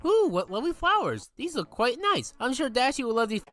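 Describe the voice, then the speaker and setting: A man's voice: extremely high pitch, big pitch swings, a little fast, bright, forceful tone, no room sound, faint music behind, pitched above the performer's own voice, exaggerated voice. A man putting on a prim, chipper cartoon pony voice while reading a script, sing-song and prissy. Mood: chirpy.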